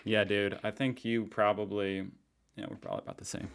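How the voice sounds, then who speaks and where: Chill american guy reacting to clips, jokey and chatty, voice sits a bit low. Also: little pitch movement, brisk, gravelly, fairly bright tone, clean tone. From northeastern United States. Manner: laid-back, joking, chatty. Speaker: reaction video host. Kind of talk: casual reaction commentary.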